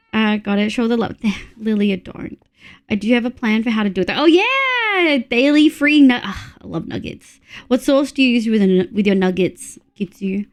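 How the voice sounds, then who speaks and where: A woman's voice: on the high side, smooth. An Australian woman chatting on a live stream, giggly and talkative as she reads her chat aloud.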